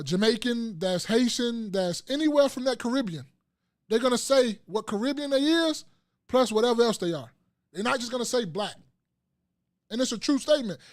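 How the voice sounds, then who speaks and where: A man's voice: extremely high pitch, dry recording, clean studio sound. A man in a casual podcast discussion who talks in long, insistent stretches, acting out quoted exchanges as he makes his case.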